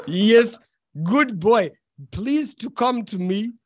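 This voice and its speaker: A man's voice: sits high, lively intonation, very slow, a little hiss or hum, pitched above the performer's own voice, exaggerated voice. A man voicing a scarred male mercenary in a hammy, throaty mock Russian accent. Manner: hammy and self-mocking, throaty.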